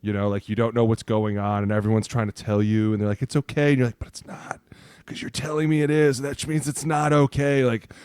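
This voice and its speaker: Talking fast with hardly a pause, this middle-aged ex-NFL offensive lineman sounds smooth and mid-range as a podcast guest in casual sports chat. He animates his stories by acting out quotes and tossing in "right?" often. There's no room sound.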